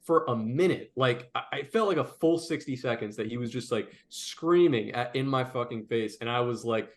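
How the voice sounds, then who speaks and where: Young male podcast co-host, lively and swearing, casual anecdote delivery. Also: medium pitch, normal speed. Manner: animated, profane, frequent "like" fillers. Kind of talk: casual storytelling chat.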